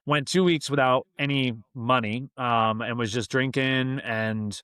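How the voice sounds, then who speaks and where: A young man telling a story in a casual, animated way, full of slang like "man" and "dude". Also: mid-range voice, unhurried, smooth, dry recording, clean studio sound. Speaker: guest.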